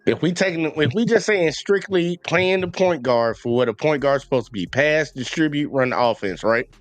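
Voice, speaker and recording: Lively, talkative male co-host. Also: a little high, moderate pace, no echo. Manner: talkative, pushes for criteria, swears casually. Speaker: podcast co-host. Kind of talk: casual sports debate.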